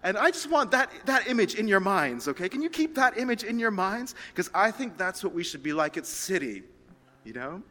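Male pastor, conversational sermon, slightly high and bright voice, long church-hall reverb. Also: moderate pace. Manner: animated and conversational, reads scripture aloud, laughs at own stories.

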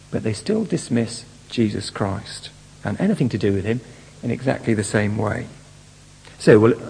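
A man's voice: mid-range voice, gravelly, darkish tone, husky. A man preaching a sermon, working through a Bible passage and putting rhetorical questions to his congregation. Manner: acts out mocking voices in quotes. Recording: long hall reverb.

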